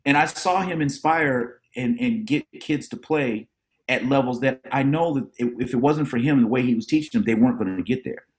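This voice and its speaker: A middle-aged man, a drummer and educator, telling animated stories about his mentors as a podcast guest and acting out the voices of the people he quotes. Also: mid-range voice, brisk. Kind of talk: casual storytelling interview.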